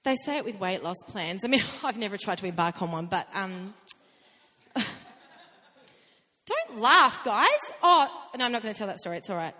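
A woman preaching a sermon in a conversational, animated way, with laughing asides. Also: medium pitch, normal speed, pauses often. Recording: long reverb of a hall.

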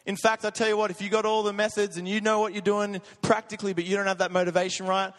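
A man preaching in a church, telling a lively story with frequent laughter. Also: high voice, fast talker. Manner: energetic storytelling, laughs often. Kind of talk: sermon. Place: church hall. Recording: long echo of a church hall.

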